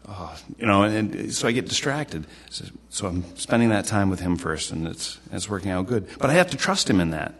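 Male pastor, very deep voice, casual sermon, halting, repeats phrases. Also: very animated, husky.

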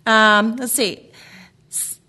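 A middle-aged woman speaks in a bright, slightly high voice, chatting casually to a group at a faith gathering. She laughs often and reads quotes aloud in a warm, talky way. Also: steady tone, extremely slow. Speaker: women's ministry speaker.

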